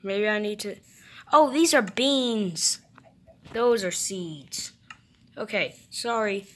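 A woman's voice: mid-range voice, takes it slowly. A young woman giving chatty, playful gameplay commentary, talking to the animals in her game. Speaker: gamer.

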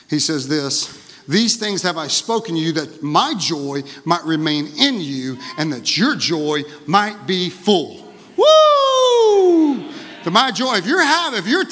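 A male pastor preaching a lively sermon in a church, often calling out "Amen?" to the congregation. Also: a little high. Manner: energetic, exclaiming, frequent "Amen?" to the congregation. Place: church sanctuary. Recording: long reverb of a large hall.

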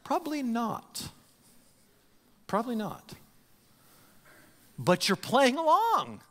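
A man preaching a sermon as pastor, animated and given to stumbling over and repeating his words, acting out the voices he quotes. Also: extremely high pitch, takes it slowly. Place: church sanctuary. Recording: long reverb of a church hall.

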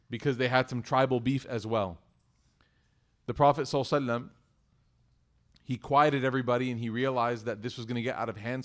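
A man telling a religious story to a congregation, animated, swinging between loud emphasis and hushed asides. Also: mid-range voice. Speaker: community religious speaker.

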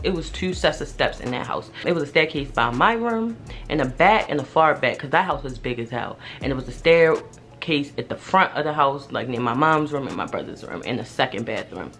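A young adult woman telling a personal story in a casual vlog, animated and slangy, swearing freely. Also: a bass voice. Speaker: vlogger.

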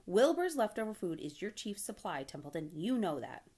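A woman voicing an old, shrewd sheep who talks in a calm, persuasive, scolding manner. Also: on the low side, normal speed, slightly rough, full character voice. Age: older. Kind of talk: storybook reading.

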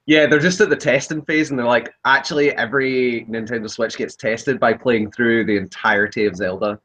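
A man's voice: medium pitch, steady tone, a little fast, fairly bright tone, poor audio. A young man co-hosting a casual gaming podcast, teasing and joking with his friends. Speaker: podcast co-host.

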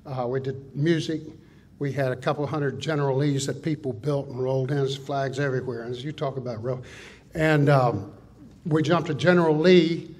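An older man with a drawl tells stories at a conference, with folksy, animated delivery. His voice is a little husky and sits somewhat high for a man. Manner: folksy, animated storytelling with list-like riffs. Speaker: conference speaker. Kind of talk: conference talk. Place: conference hall.

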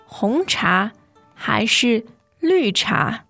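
Slow, careful female language co-host. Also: a little high, very animated, gravelly, sharp tone, breathy edge, dry recording, faint music behind. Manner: careful, patient, repeating words slowly. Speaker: Mandarin lesson co-host. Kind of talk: slow model pronunciation.

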